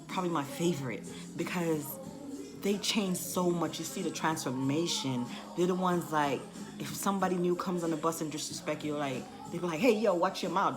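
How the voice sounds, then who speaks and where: A woman bus driver telling stories in a casual vlog, chatty and full of "you know", acting out the kids' voices in high shrieks.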